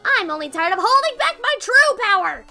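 A woman's voice: extremely high pitch, very animated, fairly quick, vocal fry, bright, forceful tone, soft background music, heavily acted. A woman reading out the lines of a boastful, nerdy bird-like rival from a game. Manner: reading game dialogue aloud.

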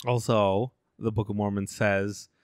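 A man co-hosting a comedy podcast, making deadpan contrarian claims and laughing often in casual chat. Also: lowish voice, unhurried, smooth, dry recording, studio quality. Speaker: podcast co-host.

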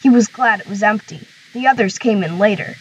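A woman's voice: medium pitch, a little fast, muffled recording, a little hiss or hum. Woman reading a storybook aloud. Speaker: storybook narrator. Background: background music.

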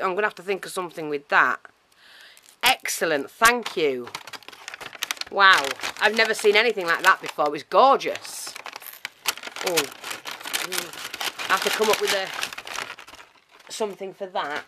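A woman chatting casually to camera as she unboxes a parcel, gushing and a little out of breath. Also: lowish voice. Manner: excitable and chatty, many fillers, gushing thanks. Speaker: craft vlogger.

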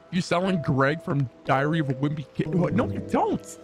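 A woman's voice: sits low, animated, moderate pace, few pauses. A woman streamer chatting playfully with her viewers through a voice changer that makes her sound male, laughing often. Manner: playful, giggly, reads and answers chat. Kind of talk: casual gaming stream chat. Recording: game music loud under voice.

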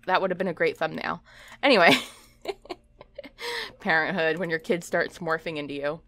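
A woman's voice: low voice, very animated, normal speed, a bit bright. A young adult woman hosting a let's play, giving chatty, giggly commentary and talking to her game characters. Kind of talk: casual gameplay commentary.

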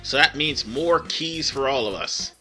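A man's voice: medium pitch, a little slow, music in the background. A man hosting a let's play, giving casual, rambling gameplay commentary with fillers and self-corrections.

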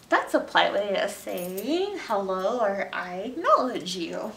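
A woman librarian singing and reading a picture book aloud, gently explaining things to young children. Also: mid-range voice, very animated, a little slow, vocal fry, hardly any pauses. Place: library room. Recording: echoey room, voice from a distance.

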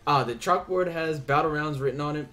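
A man's voice: a little high, fairly quick, pushed and bright, faint music behind. A young man hosting a game playthrough, reading the characters' lines aloud in playful put-on voices and chatting casually with a bit of swearing. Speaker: let's play host.

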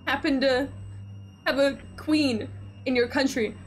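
A woman's voice: high voice, steady tone, unhurried, slight background noise. A woman hosting a live stream, chatting with a guest in a playful, mock-dramatic way and laughing often. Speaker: streamer host. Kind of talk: casual stream chat with a guest.

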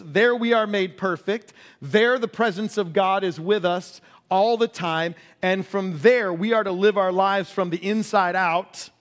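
A male pastor preaching a sermon, asking the congregation questions and acting out quoted cries before dropping to a hush. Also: high-pitched. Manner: acts out quoted cries loudly and drops to a hush.

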